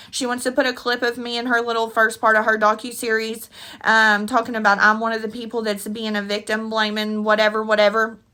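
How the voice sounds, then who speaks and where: A commentary vlogger with a fairly high, sharp voice delivers an emotional opinion rant, blunt and rambling with slangy asides. She's tearful, sniffling from crying, and has a runny nose.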